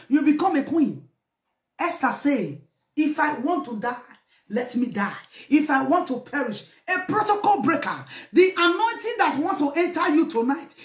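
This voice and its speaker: A woman preacher with a Nigerian accent, leading impassioned prayer with shouted declarations. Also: high voice, echoey room. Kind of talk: fervent prayer sermon.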